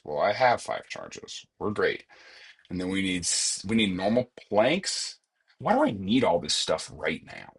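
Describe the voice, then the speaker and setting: A man's voice: on the low side, a bit bright. A man giving casual, joking commentary while playing a video game, chatting to himself about what he needs next. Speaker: gaming streamer.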